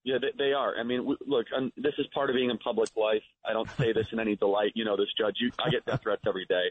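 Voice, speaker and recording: A man's voice: lowish voice, steady tone, fast, slight background noise. A man, a guest on a radio show, arguing his points earnestly over the phone. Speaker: guest, activist. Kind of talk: radio interview. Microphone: phone line. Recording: tinny phone line.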